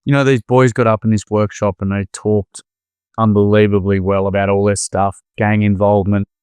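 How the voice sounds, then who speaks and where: A man's voice: on the low side, normal speed, clean tone, no room sound. Earnest Australian man telling stories. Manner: earnest, animated, uses mate and slang. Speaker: guest, former primary school teacher. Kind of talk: casual conversational storytelling.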